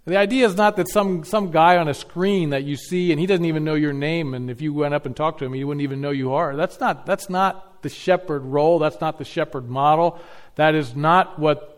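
A man preaching an expository sermon, teaching earnestly, repeating key phrases for emphasis and reading scripture slowly and deliberately. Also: fairly high pitch. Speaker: pastor.

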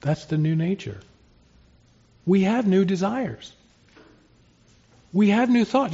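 A man's voice: a little high, expressive, moderate pace, pauses often, mellow, slightly rough. A man preaching an expository sermon in an earnest, conversational way, asking and answering rhetorical questions. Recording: slightly dull, lo-fi sermon recording.

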